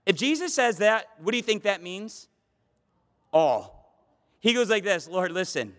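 Male pastor, high voice, emphatic and repetitive, casual restarts, reverberant hall. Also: big pitch swings, a little slow, a bit bright. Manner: fervent, emphatic, repeats phrases for stress. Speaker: pastor teaching a Bible study. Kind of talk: expository sermon.

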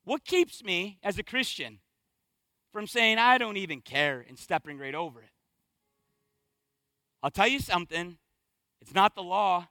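Male pastor, middle-aged, high ringing voice, forceful sermon delivery. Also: dry recording. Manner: preaching with rising fervor and rhetorical questions.

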